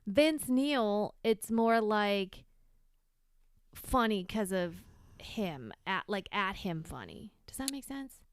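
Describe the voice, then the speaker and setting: A woman's voice: medium pitch, big pitch swings, slow, smooth, no room sound. A woman co-hosting a casual podcast chat, chatty and prone to trailing off and restarting. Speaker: podcast co-host.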